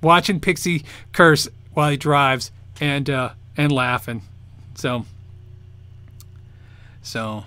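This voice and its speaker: A man hosting a casual livestream, reading viewer questions and answering with lively, rambling chatter and frequent laughs. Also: medium pitch, slow pace, long pauses, smooth, dry recording. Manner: animated, laughs often, rambling restarts.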